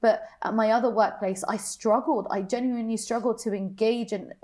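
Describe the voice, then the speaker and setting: A young woman on a panel, sharing a personal story of grief in a halting, emotional way with many restarts. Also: a little high, fairly even intonation, a little mellow. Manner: emotional, halting, repeats herself. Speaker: panel guest.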